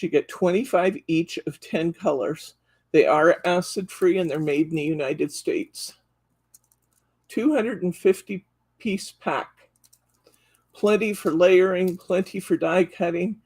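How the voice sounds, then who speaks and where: Her voice is fairly low, husky, and a little mellow, with a measured pace. Leading a live craft store show-and-tell, she enthusiastically describes packs of card stock, gushing over them and counting each sheet out loud as she flips.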